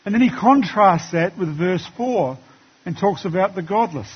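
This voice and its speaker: A man's voice: high voice, animated, normal speed, slightly rough, lo-fi sound. A man preaching a sermon in church, talking conversationally to the congregation and reading scripture aloud. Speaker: pastor.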